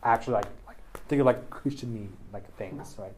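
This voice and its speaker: Heavy background noise surrounds a man with a mid-range voice as he briskly leads an informal Bible study. He talks in a chatty way, constantly adding "like" and tagging sentences with "right?"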